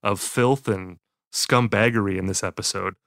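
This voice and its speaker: A man's voice: lowish voice, steady tone, moderate pace, creaky, fairly bright tone, dry recording, studio quality. A man co-hosting a podcast in casual chat, joking, with many fillers and restarts. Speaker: podcast co-host.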